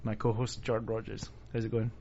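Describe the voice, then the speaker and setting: A man hosting a casual podcast chat, easygoing and quick to laugh. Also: fairly low pitch, monotone, dark tone, a little hiss or hum. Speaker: podcast host. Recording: dull lo-fi sound.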